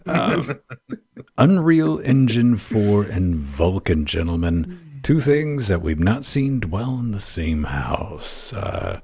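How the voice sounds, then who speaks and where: Gravelly low male co-host, laid-back drawl, casual cursing. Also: big pitch swings, slow, a little mellow. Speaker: podcast co-host. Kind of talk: casual gaming podcast chat. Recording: remote voice chat.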